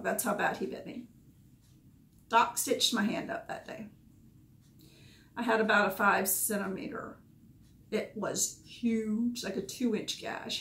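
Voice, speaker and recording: A woman's voice: medium pitch, fairly bright tone. Woman telling a heavy story. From Georgia, USA. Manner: candid, emotional, speaks in short bursts. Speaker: dog groomer. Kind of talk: personal storytelling. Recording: echoey room.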